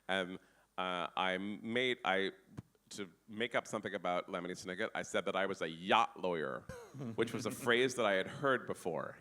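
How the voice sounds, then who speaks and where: A man telling a comic story on a festival stage in a dry, deadpan way, with stammering restarts. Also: low-pitched, moderate pace. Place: festival tent with live audience.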